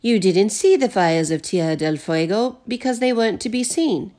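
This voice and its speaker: A woman's voice: medium pitch, lively intonation, moderate pace, mellow, lightly acted. Polite English butler in a storybook read-aloud, voiced by a woman, formal and precise. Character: polite English male butler, calm and clever.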